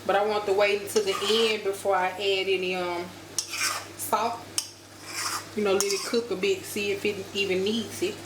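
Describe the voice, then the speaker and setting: A chatty woman talks viewers through a home-cooked meal, speaking easily to them as a friendly cooking vlogger. Her voice rings around a reflective kitchen. Pots and dishes clatter clearly behind her. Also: medium pitch, level tone, normal speed. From United States. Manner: chatty, addresses viewers as y'all. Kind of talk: casual cooking demonstration. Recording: echoey kitchen with cooking noise.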